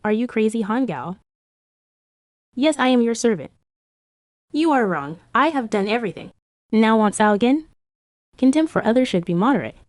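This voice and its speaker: A woman narrating a manhwa recap voice-over, reading every character's lines in one steady voice. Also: fairly high pitch, moderate pace, long pauses, no room sound, clean studio sound.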